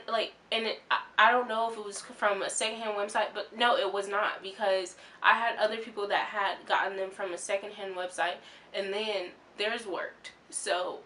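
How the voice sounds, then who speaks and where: Bright-voiced young woman rambling excitedly. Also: mid-range voice, slight background noise. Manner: rambling, excitable, many fillers and restarts. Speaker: vlogger. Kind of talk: casual storytime vlog.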